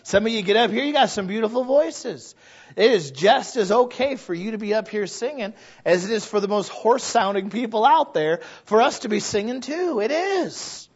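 High-voiced preacher, laughing often. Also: male voice, expressive, moderate pace, breathy edge, lo-fi sound. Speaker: pastor. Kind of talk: sermon.

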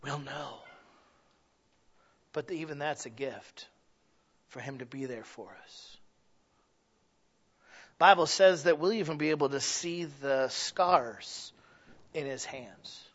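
A man preaching a sermon as pastor, shifting from quiet, near-whispered passages to loud, exclaiming ones. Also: on the high side, muffled recording. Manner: swings from hushed and intimate to loud and exclaiming.

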